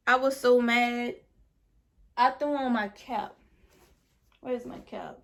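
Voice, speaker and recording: A woman's voice: high-pitched, pushed and bright. Frustrated young woman venting about a wig. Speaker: beauty vlogger. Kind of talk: casual product review.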